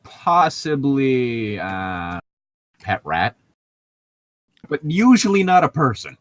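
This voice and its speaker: Sarcastic man with a lively voice. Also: mid-range voice, slow pace, dry recording. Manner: sarcastic, riffing, laughs often. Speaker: podcast co-host reading aloud. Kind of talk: casual joking group reading.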